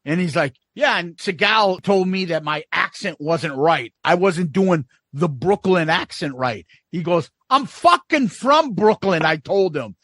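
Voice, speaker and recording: A man's voice: a little high, a little slow, few pauses, no echo, clean studio sound. A man co-hosting a podcast in casual chat, telling stories with a lot of swearing and acted-out quotes. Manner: animated storyteller, swears a lot. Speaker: podcast co-host.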